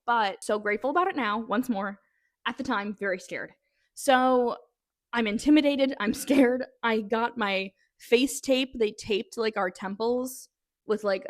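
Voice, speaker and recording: Young woman vlogger, mid-pitch, animated casual storytelling, close dry sound. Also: no echo. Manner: animated, breathless retelling with many "like"s and restarts.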